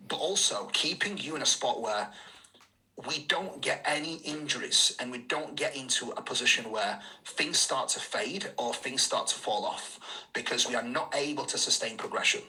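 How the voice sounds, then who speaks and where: Male coach, mid pitch, sharp bright timbre, earnest and emphatic. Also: animated, normal speed, rough recording. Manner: earnest, emphatic, repeats key phrases. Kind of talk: coaching talk.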